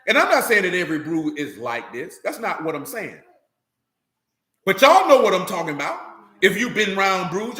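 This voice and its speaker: Guy preaching bible stuff casual and loud, high voice, echoey room. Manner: emphatic, slangy, calls out to listeners. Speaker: Bible teacher. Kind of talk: scripture reading then casual preaching talk.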